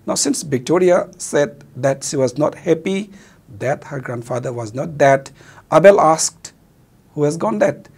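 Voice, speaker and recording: A man's voice: fairly high pitch, measured pace, gravelly, darkish tone, slightly rough. A male teacher with a Manipuri accent, a native Meitei speaker, explaining a play in a recorded lesson, mixing Meitei and English and glossing words.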